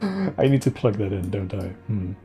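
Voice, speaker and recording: A man's voice: on the low side, very animated, moderate pace, warm tone. A young man casually commentating a game stream into a desk microphone, blunt and joking, swearing offhandedly and sometimes reading game lines aloud. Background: game music.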